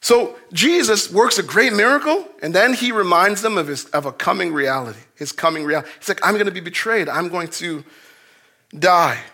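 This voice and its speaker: A man preaching a sermon, telling stories and reading scripture, swinging from shouted emphasis to low, quiet asides. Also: animated, moderate pace. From grew up in a housing complex. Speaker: pastor.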